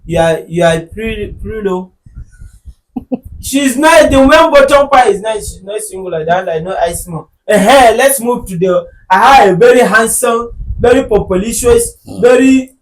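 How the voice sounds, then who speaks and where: Nigerian male podcast host, high voice, jokey, loud bursts. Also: unhurried, low-quality recording. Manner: animated, joking, bursts into shouting. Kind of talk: casual chat.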